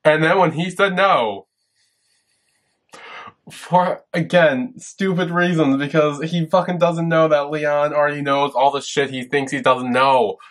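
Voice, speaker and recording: A man's voice: fairly high pitch, fairly even intonation, unhurried, fairly bright tone. A man hosting a reaction video, giving flustered, groaning running commentary with frequent swearing, recorded on his own camera at home.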